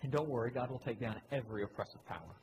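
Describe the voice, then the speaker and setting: A man preaching a sermon, repeating key phrases, asking the congregation questions, and swinging between loud emphatic lines and low quiet ones. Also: rapid-fire, background noise. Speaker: pastor. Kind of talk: sermon with slides.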